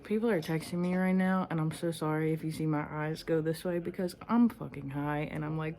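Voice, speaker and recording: Speaking directly to camera in a storytelling vlog, a young woman with a low-sitting voice rambles loosely and swears freely. She hops between memories with lots of fillers in an unhurried, chatty, animated flow.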